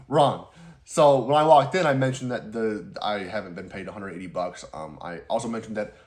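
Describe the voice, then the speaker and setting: A man's voice: lowish voice, normal speed, a little mellow. A young man who runs a lawn care business, casually telling a story, rambling, laughing often and swearing now and then.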